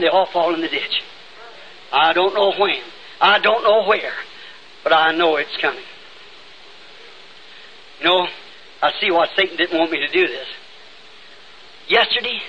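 A Southern man preaching in a church with a very high, piercing, bright voice. He talks in a fervent revival style and breaks into sudden shouts. The sound is a dull, lo-fi 1960s tape with a faint hiss underneath. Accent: Southern United States. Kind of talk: old-time revival sermon. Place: church sanctuary.

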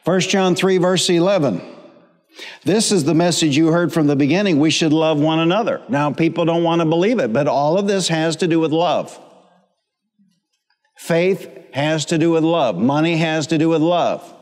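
A man's voice: a little high, normal speed, a little mellow. A middle-aged man, a pastor, preaching a sermon with humor and repetition and calling on the congregation to answer back. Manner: preaching with humor and repetition, calls for audience responses. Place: church sanctuary. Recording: long church hall reverb.

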